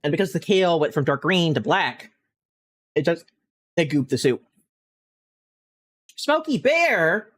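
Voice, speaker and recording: A man's voice: fairly high pitch, moderate pace, pauses often. A man telling a funny story in casual chat while streaming a game. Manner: animated anecdote-telling, often breaking into laughter. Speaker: gaming streamer.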